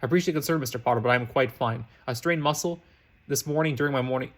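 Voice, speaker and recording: A man voicing a stern male potions master in a fan fiction audiobook, speaking in a dry, clipped, measured way. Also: mid-range voice, close to an everyday voice. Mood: guarded.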